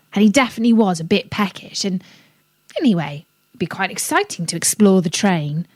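A woman reading a children's story aloud on a radio show, gentle and expressive. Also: mid-range voice, dry recording.

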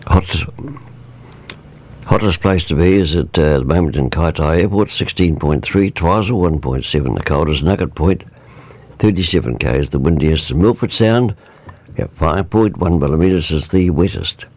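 A man with a New Zealand accent reading the local weather report on radio, relaxed and informal, with fillers. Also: low voice, normal speed.

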